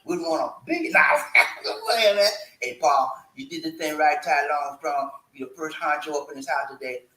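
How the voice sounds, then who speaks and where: A man's voice: a little high, animated, normal speed, creaky, bright, forceful tone, echoey room, rough recording. A man hosting a casual live stream, playful and talkative, hyping his viewers with slangy call-and-response chants. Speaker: livestream host. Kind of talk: casual livestream chat.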